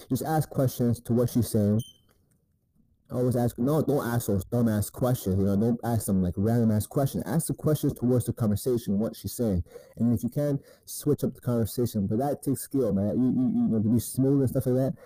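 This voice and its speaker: Dark-voiced, profane man giving dating advice. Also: medium pitch, dry recording, rough recording. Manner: crude, profane, repeats "man" often. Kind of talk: casual monologue advice.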